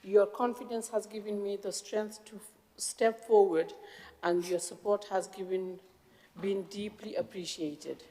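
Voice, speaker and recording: A woman with a Greater Manchester accent gives a formal acceptance speech in a council chamber. Her voice sits at a middling pitch, and she is moved, stopping often to restart her words. A long hall reverb trails behind her. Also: steady tone, mellow. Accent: English, Greater Manchester. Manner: emotional, halting, with restarts. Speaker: incoming civic mayor.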